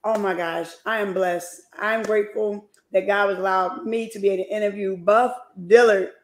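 A woman's voice: mid-range voice, fairly even intonation, moderate pace. Host lady gushing over her guest, middle voice, lots of room echo. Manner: effusive, gushing and warm with praise. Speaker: show host. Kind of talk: casual interview chat. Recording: echoey room.

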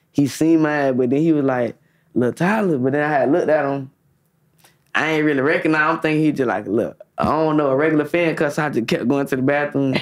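Young guy, rapper guest, low-key and gravelly, easygoing chat. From Florida. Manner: laid-back, mumbled slang. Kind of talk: casual interview chat.

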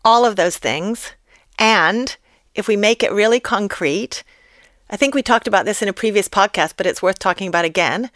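A woman's voice: mid-range voice, moderate pace, a bit bright, no echo, clean studio sound. An American woman talking as a podcast guest, explaining ideas in a reflective way. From United States. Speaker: guest expert. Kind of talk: podcast interview.

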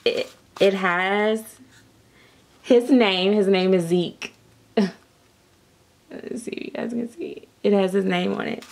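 Giggly, excited woman unboxing on a slow vlog. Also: mid-range voice, vocal fry. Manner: excited, giggly, breathless gasps. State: nervous and jittery. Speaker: vlogger.

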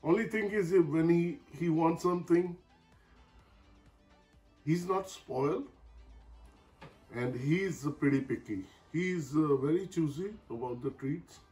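A man's voice: a little high, unhurried, pauses often, darkish tone, soft background music, rough recording. A man at home talking casually to his dog and the camera, coaxing and repeating himself, laughing often, with non-native grammar. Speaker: dog owner vlogger.

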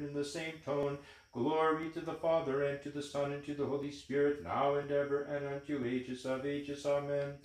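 A man intones evening prayers in one steady, near-unchanging line, his voice sitting a little high for a man. The sound rings through a very echoey church, with every phrase trailing off into the room. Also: normal speed. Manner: intoning in an even monotone. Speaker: reader leading vespers. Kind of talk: chanted liturgical reading.

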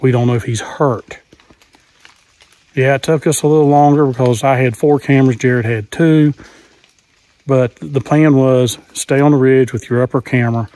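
A man's voice: medium pitch, a little mellow, dry recording. A man hosting an outdoor vlog, talking earnestly into a handheld cell phone while hiking a wooded mountain. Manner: earnest, talks while hiking, repeats safety advice. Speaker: channel host.

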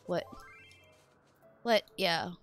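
A woman streaming a game, laughing and swearing in breathless excitement. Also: on the low side, extremely slow, soft background music. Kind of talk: excited gaming stream chat.

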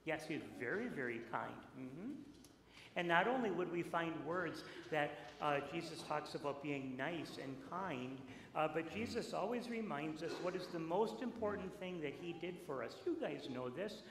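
A man, a pastor giving a playful children's message in a church, speaking gently with many fillers. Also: fairly high pitch, animated, moderate pace, crowd noise. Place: church sanctuary. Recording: echoey church with room noise.

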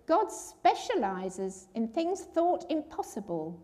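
A woman's voice: on the high side, animated, moderate pace, warm tone. An older woman giving an earnest personal testimony at a church, telling her story and acting out the voices of the people in it.

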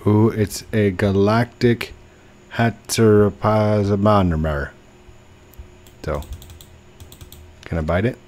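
A man's voice: fairly low pitch, measured pace, long pauses, a little mellow. A young man giving playful live commentary while playing a game, talking to the other players and his own character. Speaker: gaming video host.

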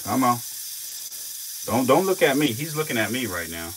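A man casually commenting while filming, excitable and slangy, swearing often and talking both to his animals and to viewers. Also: medium pitch, normal speed, noisy background. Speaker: reptile keeper vlogger.

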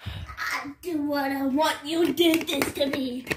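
A young woman co-hosting a gameplay video, teasing her partner with deadpan jokes. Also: sits high, slow pace, noisy background. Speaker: co-host. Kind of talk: joking casual chat.

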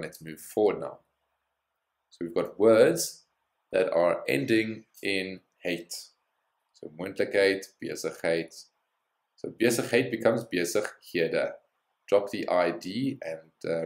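A man's voice: deep voice, gravelly, reverberant. A man teaching a language lesson, explaining the rules step by step and adding short words of encouragement.

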